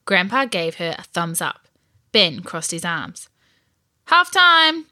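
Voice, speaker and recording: A woman narrating a children's storybook in a lively, expressive way. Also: lowish voice, measured pace, dry recording, clean studio sound.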